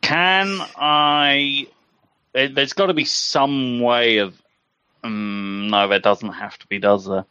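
A man's voice: mid-range voice, fairly even intonation, slow pace, sharp tone, clear, resonant tone, dry recording. A man playing his character in a tabletop game, talking hesitantly and chuckling to himself. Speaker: player. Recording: dull lo-fi mic.

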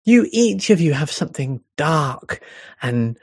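A game master voicing an eerie, welcoming woman who runs an abandoned park, speaking softly and persuasively in a tabletop role-play. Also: medium pitch, sing-song, measured pace, slightly rough, no room sound, studio quality, exaggerated voice. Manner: soft, smiling, gently persuasive.

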